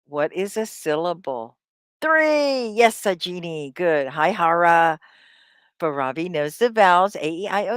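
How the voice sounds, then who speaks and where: A woman teaching an English lesson on a live stream, drilling words slowly and cheering on her students. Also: lowish voice, no room sound, studio quality. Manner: slow, drawn-out word drills; upbeat, encouraging. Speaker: ESL teacher.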